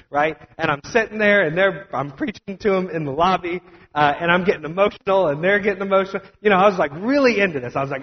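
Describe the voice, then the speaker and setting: Chatty young pastor in a reverberant hall. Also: male voice, on the high side, brisk. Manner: conversational, animated storyteller with many fillers. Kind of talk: storytelling sermon. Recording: dull sound with long hall reverb.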